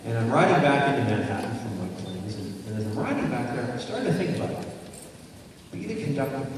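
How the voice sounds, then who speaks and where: A motivational speaker with a medium-pitched, slightly mellow voice tells stories to his audience and quizzes the crowd. The recording is noisy, made from far away in a hall with lots of echo.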